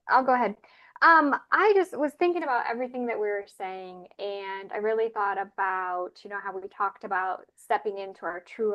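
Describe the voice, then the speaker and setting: A woman who is a regular panelist, sharing a personal spiritual story in an earnest, animated way. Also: medium pitch. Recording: muffled lo-fi audio.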